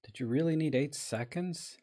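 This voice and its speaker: A man's voice: a little high, normal speed, warm tone. Chatty man editing photos live. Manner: chatty, thinking aloud, greets viewers while working. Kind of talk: casual live-stream commentary.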